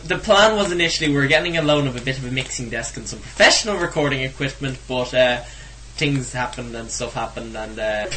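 A man's voice: mid-range voice, fairly quick, bright, forceful tone, slight background noise. A teenage man with a Dublin Irish accent, co-hosting a casual home podcast from his bedroom, joking and laughing. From Ireland. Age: teens. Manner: jokey, laughing, interrupting. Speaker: co-host. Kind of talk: casual amateur podcast chat. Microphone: microphone in a makeshift setup.

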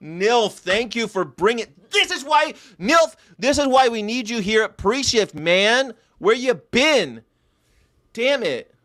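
A man hosting a casual livestream commentary, animated and swearing, with sudden loud outbursts. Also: extremely high pitch, slow, no room sound, studio quality. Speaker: host.

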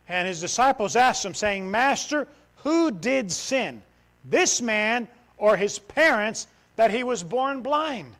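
High-voiced animated preaching man. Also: low-quality recording. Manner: animated, swings from loud outbursts to quiet. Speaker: missionary preacher. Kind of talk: sermon. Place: church.

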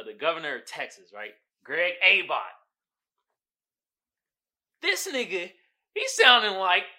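A man's voice: on the high side, sharp tone. A man hosting a podcast, riffing alone in casual, profane commentary and laughing often. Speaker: podcast host.

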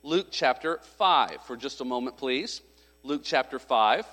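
A man's voice: mid-range voice, lively intonation, unhurried, a bit bright. A man preaching a sermon, telling a story in a conversational, humorous way and acting out the voices of people he quotes. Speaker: pastor. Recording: long hall reverb.

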